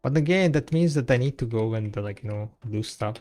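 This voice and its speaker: A man's voice: mid-range voice, expressive, brisk, a little mellow, soft background music. A man chatting casually on a gaming stream in a rambling, laid-back way, full of fillers and restarts. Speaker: game streamer.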